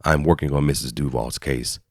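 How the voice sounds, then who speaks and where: A man's voice: a bass voice, fairly even intonation, fairly quick, dry recording. A man voicing a young woman lawyer. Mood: candid. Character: young woman, new lawyer in her twenties. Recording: dry studio voice-over.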